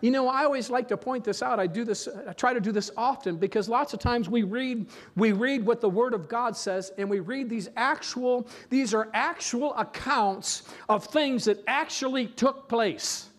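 A man with a strikingly high voice preaches to his congregation. He pleads and presses his points earnestly, restarting and repeating phrases to drive them home. Now and then he stops to ask the listeners for an amen. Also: normal speed, hardly any pauses. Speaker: pastor. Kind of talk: sermon.

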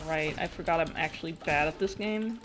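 A woman's voice: low-pitched, a little fast, background noise. A young woman streaming a video game, chatting casually, swearing and laughing as she reacts to the play. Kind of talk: casual gaming stream chat.

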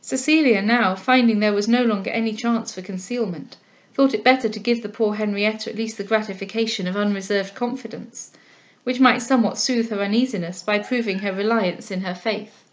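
A woman's voice: medium pitch, fairly even intonation, brisk. Woman reading a classic novel. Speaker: audiobook reader.

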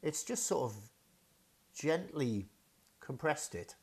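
A man's voice: on the high side, very animated, slow, darkish tone, a little hiss or hum. Man thinking aloud while testing a mic. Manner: thinking aloud, hesitant, many fillers. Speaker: gear reviewer. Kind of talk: casual unboxing review. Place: dining room at home. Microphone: wireless radio mic under test.

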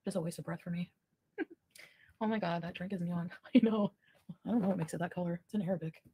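A woman's voice: lowish voice, fairly even intonation, fast talker, dark tone, husky. A woman from Ottawa chatting casually on a livestream, giggling and answering viewer comments. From Ottawa, Canada.

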